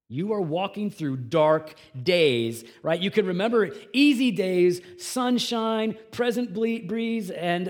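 A male pastor with a notably high voice delivers a sermon to his congregation. He talks in an earnest, conversational way, dropping soft and low for reflection, then rising loud and emphatic. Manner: earnest, swings from quiet to emphatic.

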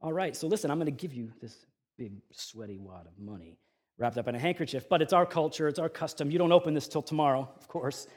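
A man's voice: a little high, fast talker, close to an everyday voice. A man voicing a persuasive male con man who coaxes a student into trusting him. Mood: coaxing. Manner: persuasive, coaxing. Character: smooth-talking male con man visitor.

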